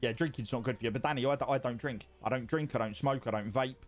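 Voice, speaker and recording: Streaming from home, a man reads viewer messages and chats loosely, rambling, swearing and repeating himself. He has a mid-range voice and talks fast, with faint music in the background.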